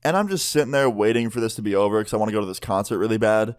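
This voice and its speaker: A man's voice: fairly low pitch, racing, clear, resonant tone. A man in his twenties telling a story on a vlog in a casual way, using lots of fillers. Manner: casual storyteller, heavy use of "like". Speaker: vlogger.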